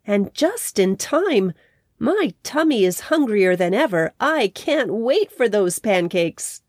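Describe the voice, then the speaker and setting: A woman's voice: mid-range voice, sing-song, slow, no echo, studio quality. A woman voicing a small, eager young male bear cub in a storybook, earnest and childlike.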